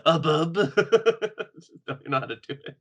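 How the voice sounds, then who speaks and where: A man's voice: a little high, animated, takes it slowly, husky. A man co-hosting a podcast, chatting casually about comics and laughing often. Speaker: podcast co-host. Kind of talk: casual comic book chat.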